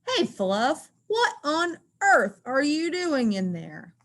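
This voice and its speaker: A woman reading aloud and voicing a gentle, eager male elephant. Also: sits high, sing-song, takes it slowly, pitched above the performer's own voice, full character voice. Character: gentle male elephant posing as Easter bunny.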